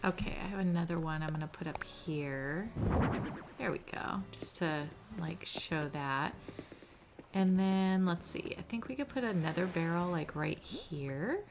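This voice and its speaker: A woman's voice: lowish voice, a little slow, background noise. Cozy, chatty woman gaming host. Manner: chatty and cozy, often says "little". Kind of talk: casual gameplay commentary. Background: background music.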